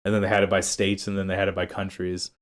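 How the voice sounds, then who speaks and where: A man's voice: low-pitched, completely flat delivery, fast talker. A young man from Texas chatting casually among friends, telling rambling stories full of fillers and chuckles. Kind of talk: casual chat.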